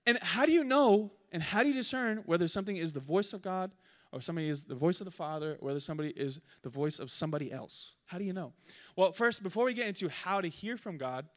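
A man preaching a sermon, telling a funny story with animated delivery before he turns to the lesson. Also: a little high, quick pace. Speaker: pastor.

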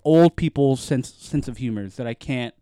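A man's voice: medium pitch, moderate pace, dark tone, smooth, no room sound, clean studio sound. A young man co-hosting a podcast in casual chat, laid-back, swearing freely and laughing often. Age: young adult. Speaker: podcast co-host.

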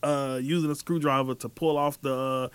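A man's voice: medium pitch, fairly even intonation, normal speed, a bit bright, clear, resonant tone, no echo. A man in his thirties on a casual podcast, telling stories and laughing often. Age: 30s. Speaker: podcast co-host. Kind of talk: casual chat.

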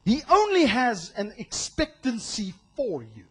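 A male pastor preaching a sermon in an animated way, acting out voices and shouting for emphasis. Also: very high voice, a little slow, breathy edge.

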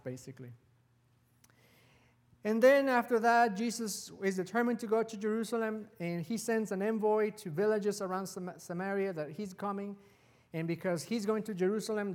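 A man preaching a sermon as pastor, telling the story with animated delivery and acting out the quoted lines. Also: sits high, big-room sound. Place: church sanctuary.

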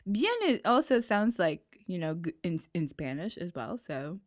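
A chatty American woman co-hosting a casual talk show, her voice lively and swinging through a wide pitch range. The sound is close and dry, with no room echo. She talks in quick, easy conversational runs. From United States. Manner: chatty, animated, playfully imitates accents. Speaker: podcast co-host.

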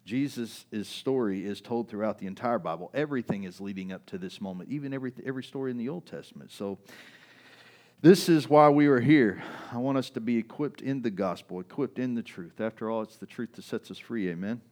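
A man's voice: lowish voice, fast, few pauses, a little mellow. A male pastor preaching a sermon in a church, talking casually with fillers and restarts, and raising his voice to act out quoted lines. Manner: conversational, with many fillers and restarts; acts out quoted lines with raised voice.

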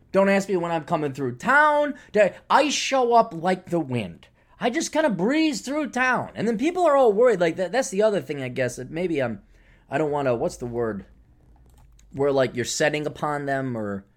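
A man hosting a casual solo podcast, ranting sarcastically, swearing casually and mocking others in high put-on voices. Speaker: podcast host.

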